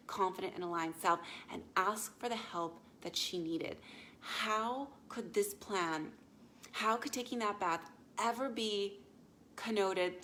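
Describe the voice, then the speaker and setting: A woman life coach speaking casually to viewers, often checking in with a quick "yeah?" or "okay?" and retelling stories with animated asides. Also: medium pitch, a little hiss or hum. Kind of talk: casual live talk to viewers.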